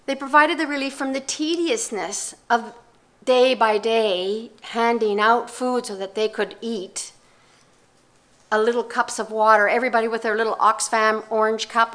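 Older woman, slightly high voice, reflective personal storytelling talk, measured delivery with pauses. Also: steady tone, fairly bright tone. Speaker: speaker giving a talk.

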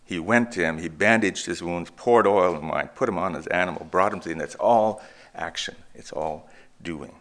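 A man preaching a sermon, reflective and emphatic, with pauses and restarts. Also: sits low, fairly bright tone. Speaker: pastor.

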